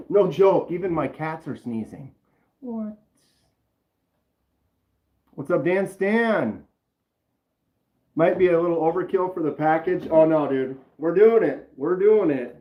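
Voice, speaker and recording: A man casually chatting on a live stream, rambling and greeting viewers from the chat by name. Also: high voice. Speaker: knife channel live streamer. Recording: roomy, slightly dull sound.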